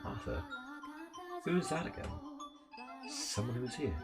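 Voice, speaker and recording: A man voicing a weary, mild young man of the house, quiet and hesitant. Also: medium pitch, very animated, a little slow, over loud music.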